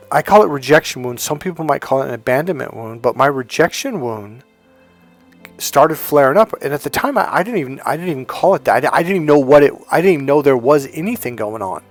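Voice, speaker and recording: A man coaching on dating, telling a long story in a casual, rambling way, acting out the dialogue and swearing when he gets worked up. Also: medium pitch. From United States.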